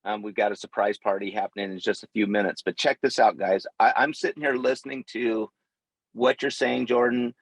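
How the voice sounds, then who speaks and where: A man speaking as a guest on a video call, animated and excitable, stumbling over his words as he backs up a sales pitch. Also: no echo, poor audio. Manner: animated, excitable, stammering restarts. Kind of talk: casual endorsement on a call.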